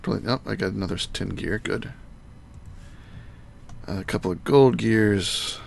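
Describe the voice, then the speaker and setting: A deep-voiced man with a gravelly edge talks his way through a game on a live stream. He mutters to himself as he works things out and chats to his viewers, with a faint hiss behind him. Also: moderate pace. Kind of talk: thinking aloud while playing a game live.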